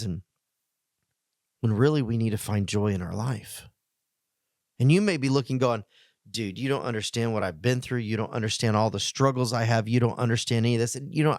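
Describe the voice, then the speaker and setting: A middle-aged male pastor giving a heartfelt, plainspoken message to men, earnest, with emotional pauses. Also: fairly low pitch, no room sound, studio quality.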